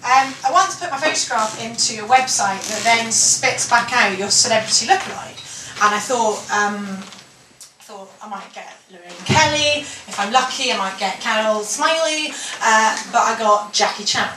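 A woman's voice: fairly high pitch, moderate pace, recorded from a distance, noisy background. A Scottish woman doing a stand-up routine with dry, wry delivery. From Scotland. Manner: deadpan, wry, with sudden loud character voices. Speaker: stand-up comedian. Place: large hall with an audience. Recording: echoey live hall, mic heard from afar.

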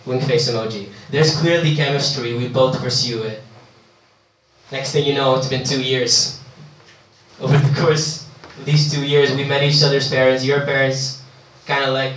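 A man doing a stand-up comedy set, telling a long deadpan story with halting restarts. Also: mid-range voice, a little hiss or hum. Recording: echoey room, far from the mic.

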